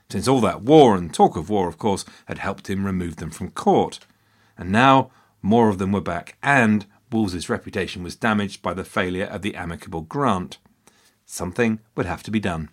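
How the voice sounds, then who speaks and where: A man hosting a history podcast, giving a scripted narration in a lively storytelling manner with wry asides. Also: fairly low pitch.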